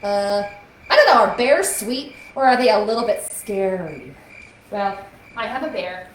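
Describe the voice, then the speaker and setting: A woman's voice: fairly high pitch, animated, normal speed, a little hiss or hum. A young woman teaching a kids' music lesson on a live stream, coaxing children to join in with motions. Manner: upbeat, coaxing, talks to kids with motions. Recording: echoey room with faint music.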